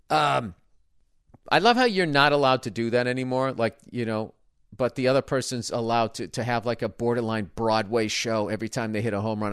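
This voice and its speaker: A man's voice: medium pitch, a bit bright, clear, resonant tone, dry recording, studio quality. A middle-aged man, ranting casually and profanely, often stumbling and restarting his sentences. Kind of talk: casual rant about baseball.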